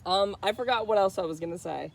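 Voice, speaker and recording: A vlogger delivering a loud, impassioned spiritual monologue straight to camera, swearing freely, calling the listener bro and buddy, and repeating phrases for emphasis. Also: mid-range voice, fast talker, vocal fry, a little hiss or hum.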